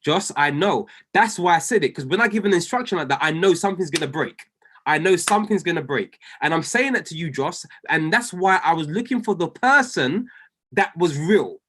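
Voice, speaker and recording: A man's voice: on the high side, expressive, fairly quick, sharp tone. A man coaching traders on a group video call, fervent and repetitive, speaking to listeners by name. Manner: fervent, repeats lines for emphasis, addresses listeners by name. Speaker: trading coach.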